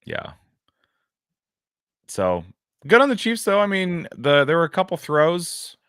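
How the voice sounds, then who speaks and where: A man's voice: fairly high pitch, wildly swooping pitch, takes it slowly, fairly bright tone, smooth, no echo, studio quality. A man co-hosting a sports podcast, musing wryly with lots of hesitations in casual chat. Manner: rambling, hesitant, wry. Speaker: podcast co-host.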